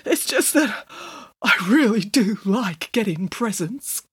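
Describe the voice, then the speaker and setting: A woman's voice: very high voice, brisk, bright, forceful tone, voice pushed up. A woman voicing a huge, tearful male bear who blubbers as he speaks. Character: giant weepy male ballet-dancing bear.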